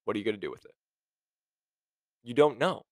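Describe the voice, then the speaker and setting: A man hosting a podcast, coaching listeners on sales careers in a direct, energetic way, firing off rhetorical questions and acting out quotes. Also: on the low side, brisk, no room sound. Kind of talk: motivational podcast monologue.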